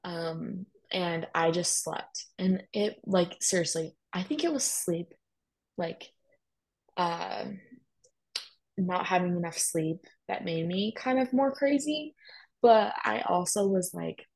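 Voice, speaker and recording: Young woman chatting through her story, lowish gravelly voice, lots of "like". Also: takes it slowly, a little mellow, rough recording. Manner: chatty, heavy use of "like", emphatic asides. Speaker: guest sharing a personal story. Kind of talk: casual personal storytelling.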